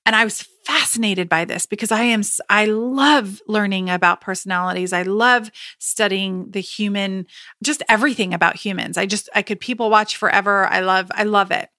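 A woman's voice: mid-range voice, normal speed, pushed and bright, no echo, studio quality. A woman in her thirties hosting a podcast on her own, talking casually and emphatically with many restarts and quoted asides. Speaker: podcast host. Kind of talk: casual solo podcast talk.

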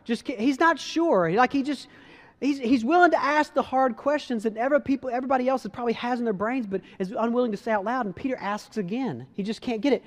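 Man, pastor, sermon, conversational, animated, high voice, long hall reverb. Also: quick pace. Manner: conversational, animated, with repeated restarts.

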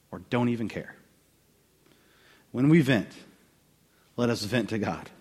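A man preaching a sermon in a conversational, animated way, with quick asides to the listeners. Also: medium pitch. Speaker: pastor.

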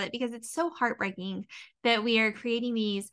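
A woman's voice: a little high, steady tone, normal speed, a bit bright. A woman hosting a podcast as a dietitian and mindset coach, talking earnestly with lots of "um" and "you know". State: tearing up, near crying. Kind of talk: heartfelt solo podcast talk.

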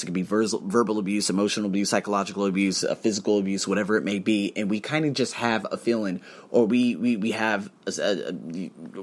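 A man talking straight to camera in a reflective self-help vlog, earnest and rambling, dropping to a hush and then building to emphatic, swearing bursts. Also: medium pitch. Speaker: vlogger.

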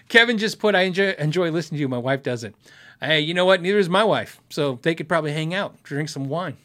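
Chatty man with a slightly high voice. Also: animated, fast, a bit bright. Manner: chatty, laughs often, friendly and frank. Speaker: host answering viewer questions. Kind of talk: casual livestream chat.

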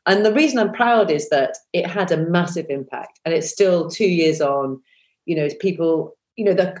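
A woman's voice: deep voice, a little mellow. A woman in her fifties, a former breakfast TV presenter, chatting as a podcast guest with lots of fillers and restarts. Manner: chatty, self-deprecating, many fillers and restarts. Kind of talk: casual interview chat.

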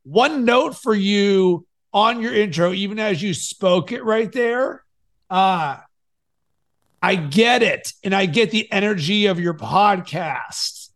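A man hosting a podcast and coaching his guest, energetic, swinging between loud and soft to make his points. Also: high-pitched, slow. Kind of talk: coaching conversation.

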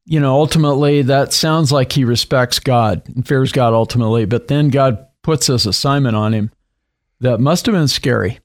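An author, guesting on an interview, tells a story conversationally in a mid-range voice at normal speed. He animates the retelling by acting out what people said, laughing along the way.

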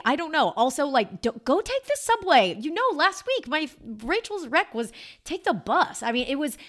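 A woman in her thirties hosting a podcast, telling a rambling story in a chatty, animated way full of fillers and asides. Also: medium pitch. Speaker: podcast host. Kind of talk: casual storytelling monologue.

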